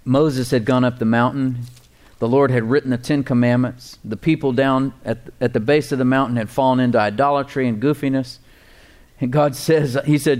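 A man in the middle of a conversational sermon, speaking at an average pitch. He teaches like a pastor addressing his Bible school students, rising sharply on the words he wants to stress and chuckling now and then. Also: brisk. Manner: animated, emphatic, chuckles at his own points.

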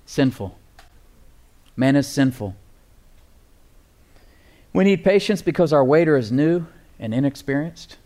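A man preaching a sermon, slowing down to stress key phrases and calling for responses from the congregation. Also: mid-range voice, animated, warm tone. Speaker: pastor.

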